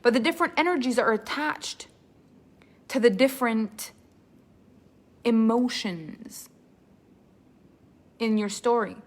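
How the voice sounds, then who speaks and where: A woman with a bright, high voice leads a live online storytelling workshop. She talks in an animated, expressive way and breaks into laughter easily. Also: takes it slowly, long pauses. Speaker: storytelling coach.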